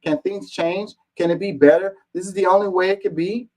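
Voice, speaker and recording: A man's voice: sits high, fairly even intonation, a little fast, warm tone, poor audio. A man reading online comments aloud and answering them in an exasperated, casual rant, swearing and firing off rhetorical questions.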